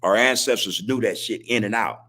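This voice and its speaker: A man talks to his live chat in a podcast monologue, repeating lines and preaching in casual street slang. His voice sits low and has a husky grain to it. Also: fairly quick, sharp tone. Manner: preachy, repetitive street talk, laughs as he speaks. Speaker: podcast host.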